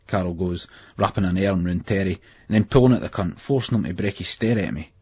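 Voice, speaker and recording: A man narrating a first-person novel in a raw, gritty way, with a husky voice. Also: low voice, a little fast, a little mellow. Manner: gritty, raw delivery with heavy swearing. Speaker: audiobook narrator. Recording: muffled lo-fi audiobook recording.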